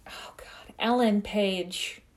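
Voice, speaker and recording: A Midwestern-accented woman talks through a film's plot in a loose, jokey way. Her voice sits at an ordinary middle pitch for a woman, and she keeps the chat casual, like a podcast co-host among friends. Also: takes it slowly, in a whisper. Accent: Midwestern American. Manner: chatty and joking, recapping the plot. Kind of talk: casual movie review chat.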